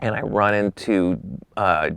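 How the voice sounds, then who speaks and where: A man, a photographer and interview guest, telling animated stories and acting out the dialogue with casual swearing. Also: lowish voice, measured pace, gravelly, clear, resonant tone, no room sound. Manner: acts out quoted dialogue in shifting voices. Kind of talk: animated storytelling.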